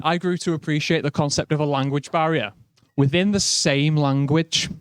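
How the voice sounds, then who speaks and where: Brief: young Scouse comic, fairly high voice, chatty and self-mocking stand-up, dry sound. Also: male voice, normal speed, clean tone, no room sound. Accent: Liverpool. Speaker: stand-up comedian. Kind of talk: stand-up comedy set.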